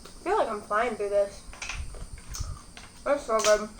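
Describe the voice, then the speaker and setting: A woman's voice: mid-range voice, unhurried, roomy sound, a little hiss or hum, poor audio. A young woman hosting a mukbang at home, chatting casually and rambling between bites. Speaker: mukbang host. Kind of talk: casual chat while eating.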